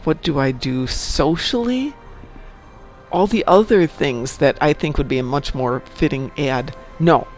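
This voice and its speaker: A man's voice: a little high, measured pace, faint music behind. A man in his sixties casually chatting on a live stream, reading the chat aloud and telling dad jokes. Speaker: stream co-host.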